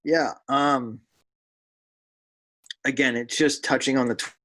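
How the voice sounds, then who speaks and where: With a mid-range voice and a slow pace, a young professional pitcher from South Jersey, USA, guests on an interview and casually tells stories. He acts out quotes in a raised voice and fills his talk with "like," all on a rough recording.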